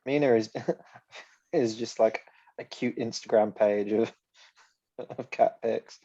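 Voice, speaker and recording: A man's voice: medium pitch, steady tone, slow, dark tone, lo-fi sound. A man playing a tabletop game, joking and laughing through casual banter. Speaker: player.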